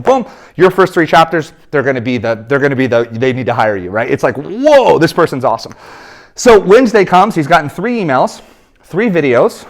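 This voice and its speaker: A man in his thirties, a business coach, telling a sales story in an energetic coaching talk and acting out the people in it. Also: medium pitch. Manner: animated storytelling, acts out quoted voices.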